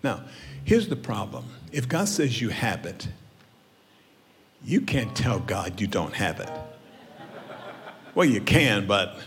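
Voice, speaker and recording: Male pastor, storytelling sermon, hushed to loud, big hall echo, faint music. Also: lowish voice, sing-song, slow, pauses often. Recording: roomy church hall with music behind.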